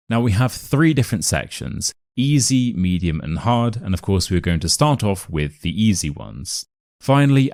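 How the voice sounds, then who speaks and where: A man with a modern RP English accent giving a scripted pronunciation lesson, enunciating each word clearly and deliberately. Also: fairly low pitch, a little mellow, no echo, studio quality. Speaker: accent teacher.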